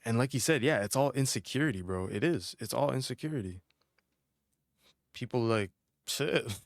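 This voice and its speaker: A young man hosting a casual album reaction, chatty and animated, using slang and laughing often. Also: medium pitch, normal speed, no echo, clean studio sound. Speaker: music reaction host.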